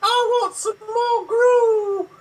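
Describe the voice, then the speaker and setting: A man's voice: very high voice, little pitch movement, extremely slow, distant mic, pitched above the performer's own voice, full character voice. A man putting on a whiny British orphan boy. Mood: pleading. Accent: put-on British. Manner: whiny, begging. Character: poor pleading orphan boy, small.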